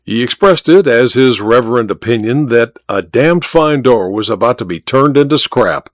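Guy reading an audiobook, expressive, bouncy voice, dry sound. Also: medium pitch, moderate pace, no room sound. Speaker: audiobook narrator. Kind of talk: audiobook narration.

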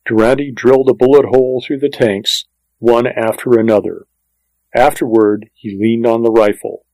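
A man giving scripted audiobook narration in a steady, even storytelling delivery. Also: medium pitch, moderate pace, dry recording, rough recording.

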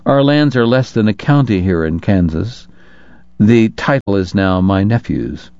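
A man's voice: lowish voice, lively intonation, a little slow, darkish tone, dry recording. A man voicing a courtly, modest priest who was once a minor prince, speaking politely and measuredly. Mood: courteous. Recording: dull lo-fi dry recording.

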